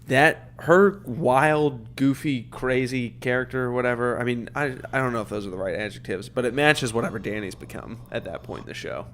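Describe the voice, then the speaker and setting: A man's voice: medium pitch, normal speed, hardly any pauses, a bit bright, slight background noise. Young guy on a podcast, mid voice, chatty and rambly, lots of likes and you knows. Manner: rambling, thinks aloud with frequent fillers. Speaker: podcast co-host. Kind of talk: casual chat.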